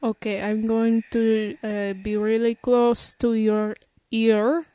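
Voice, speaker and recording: A woman's voice: fairly high pitch, level tone, warm tone, clear, resonant tone, dry recording. A woman doing a clumsy French-accented sports star. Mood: earnest. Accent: put-on French. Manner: untrained, halting accent attempt. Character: adult male basketball star, cheerful and clumsy. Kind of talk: improv comedy scene.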